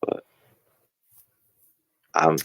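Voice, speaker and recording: A man, a professional wrestler, talking casually in an interview and telling stories in a relaxed way, acting out other people's voices. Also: very slow, dry recording, highs cut off. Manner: relaxed storyteller, acts out the other voices in quotes.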